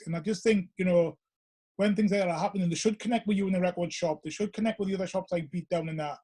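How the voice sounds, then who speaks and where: A man's voice: sits high, fairly even intonation, fast, warm tone. A middle-aged man, chatting casually and telling rambling stories as a guest DJ. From Northeast England. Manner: rambling, storytelling with many fillers. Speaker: guest, vinyl DJ. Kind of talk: casual chat.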